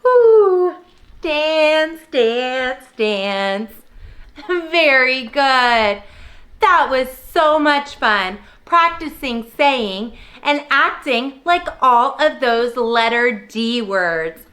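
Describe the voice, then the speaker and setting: Bright, slow-talking woman teaching preschoolers. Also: high-pitched, lively intonation. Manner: slow, cheerful sing-song prompting for little kids. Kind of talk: children's lesson video.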